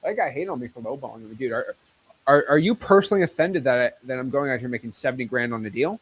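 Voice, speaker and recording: A man in his twenties hosting a casual livestream, talking in a hyped, boastful and excitable way. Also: mid-range voice, quick pace, slightly rough. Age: 20s. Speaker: host.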